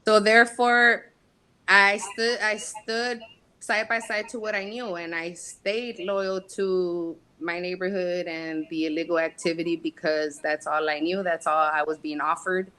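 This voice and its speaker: A woman guest in an interview, telling her life story frankly with streetwise slang and halting pauses. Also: lowish voice, fairly even intonation, sharp tone, clean tone, low-quality recording. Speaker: guest, casting company founder. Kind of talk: candid personal storytelling in interview.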